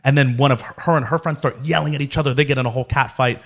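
A young man from South Florida casually telling a profane, animated story. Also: medium pitch, rapid-fire. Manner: profane, animated anecdote telling with acted quotes.

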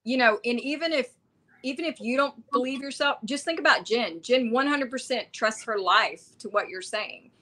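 A woman's voice: fairly high pitch, normal speed, pushed and bright. A woman from Texas with a Southern drawl, co-hosting a casual chat with playful banter on a video call. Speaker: co-host.

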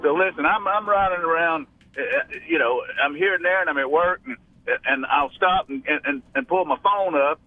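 A man's voice: on the high side, moderate pace, no room sound. A man from Alabama with a Southern accent, calling into a radio show and chatting in a rambling way with many restarts. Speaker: radio caller. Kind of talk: casual phone call. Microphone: phone. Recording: tinny phone line.

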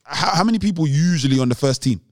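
A man, his voice a little higher than most, argues his point on a podcast. He talks in an animated way, repeating words and laughing. The sound is close and dry. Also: quick pace, dry recording. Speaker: podcast co-host. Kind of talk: casual podcast debate.

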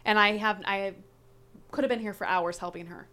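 A young woman telling a story on a podcast in a casual, animated way, swearing freely and peppering her talk with "like". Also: medium pitch, normal speed. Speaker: podcast guest.

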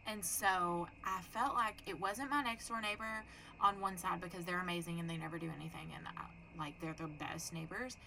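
A woman's voice: lowish voice, fairly quick, vocal fry, a little hiss or hum, rough recording. A young adult woman co-hosting a podcast, telling a story in casual, profane chat and acting out the people in it. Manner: animated, profane, acts out voices in her story. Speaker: podcast co-host.

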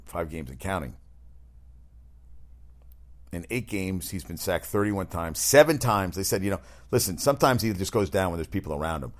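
A man with a very low, deep voice hosts a loose talk segment. He rambles in a blunt, opinionated way, often restarting his sentences and swearing freely. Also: lively intonation, moderate pace. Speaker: show host. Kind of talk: casual chat.

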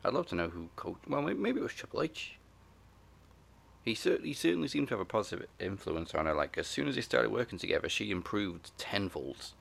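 A man with a very deep, gravelly voice chats casually as a wrestling podcast co-host. He makes dry, wry remarks, and his low register sits heavy with vocal fry. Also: very animated, brisk, fairly bright tone. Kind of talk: casual chat.

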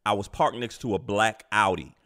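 A man hosting a casual podcast chat, telling stories in an animated way and swearing freely. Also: on the low side, moderate pace. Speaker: podcast host.

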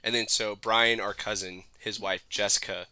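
A man's voice: on the low side, fairly even intonation, moderate pace, sharp tone, no echo. A young man co-hosting a casual chat, telling stories with lots of swearing and "like" fillers, and mimicking voices. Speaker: podcast co-host.

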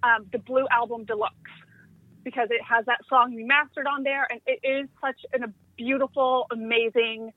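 A woman's voice: on the high side, steady tone, normal speed, no echo. Gushing woman on a tinny line. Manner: enthusiastic, gushing storyteller. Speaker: podcast co-host. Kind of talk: casual chat. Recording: tinny phone-like line, dry.

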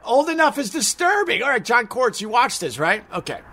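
High, bright-voiced man rambling on a stream. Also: sing-song, a little fast. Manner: rambling, self-mocking, swears casually. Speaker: live streamer. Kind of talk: casual live-stream chat.

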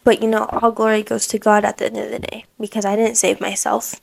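A woman hosting a podcast tells her personal faith testimony in an emotional way, full of "like" fillers, sometimes dropping to a hushed whisper. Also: mid-range voice, little pitch movement, brisk, vocal fry, no echo. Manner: emotional, heavy use of "like" fillers; drops to a hushed whisper in moments of prayer. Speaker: podcast host.

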